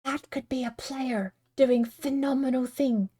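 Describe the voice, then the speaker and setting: A woman streaming a game, chatting casually and thinking aloud. She rambles and pokes fun at herself. Her voice sits a bit high but has a warm, mellow tone. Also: steady tone, measured pace, hardly any pauses. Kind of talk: casual livestream commentary.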